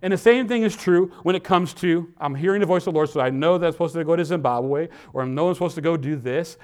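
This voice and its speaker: Lively preaching man, slightly high voice. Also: clear, resonant tone. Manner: animated preaching, swinging between loud emphasis and quiet asides; reads scripture aloud slowly and emphatically. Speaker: pastor. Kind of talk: sermon.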